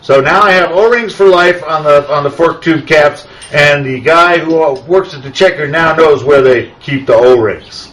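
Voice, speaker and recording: A male webcast host with a slightly higher-than-usual voice. He chats casually and tells an animated, rambling story while walking through a repair. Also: moderate pace, few pauses, poor audio. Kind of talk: casual how-to chat and storytelling.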